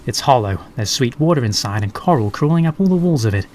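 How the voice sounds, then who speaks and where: A man voicing an excitable female rat science officer who talks eagerly and insistently. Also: medium pitch, fast, a little hiss or hum, natural voice.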